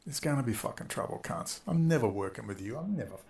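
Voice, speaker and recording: Man, mid-pitched and gravelly, delivering a rambling furious rant full of swearing. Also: animated, fast, darkish tone. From Australia. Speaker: online video maker. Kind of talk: profane angry rant.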